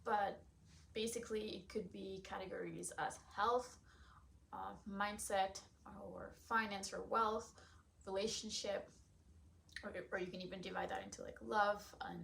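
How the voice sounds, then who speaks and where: A woman's voice: medium pitch, a little slow, creaky, long pauses, a bit bright, a little hiss or hum. A young woman hosting a casual solo podcast, chatty and encouraging, laughing often; English is not her first language. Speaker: podcast host and nutrition coach.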